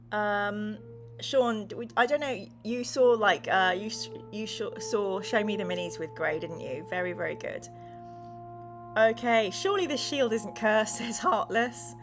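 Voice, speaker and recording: A woman's voice: mid-range voice, unhurried, fairly bright tone, faint music behind. A woman hosting a livestream, reading viewers' chat messages aloud and narrating a gamebook in a bubbly, giggly way. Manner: giggly, laughs often, bubbly.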